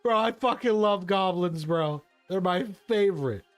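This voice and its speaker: A man chatting casually and excitedly about tabletop gaming, swearing, laughing and tossing in "bro" and "right". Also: high voice, measured pace, no echo, faint music behind.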